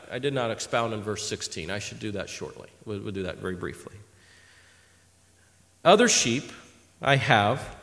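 Man preaching, animated, bright fairly high voice, long reverb of a big hall. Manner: animated, swings from loud emphasis to quiet asides. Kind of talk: sermon.

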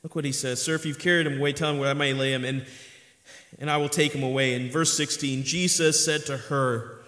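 Expressive preacher in an echoey hall. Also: male voice, medium pitch, fairly quick. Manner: expressive, swings between hushed and emphatic. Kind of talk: sermon. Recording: echoey hall with long reverb.

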